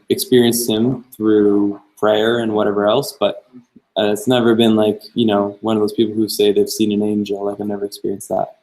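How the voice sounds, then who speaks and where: A man's voice: lowish voice, a little mellow, low-quality recording. A young man hosting a live-stream Q&A, answering viewer questions in an easygoing way and thinking aloud as he goes. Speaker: travel vlogger host.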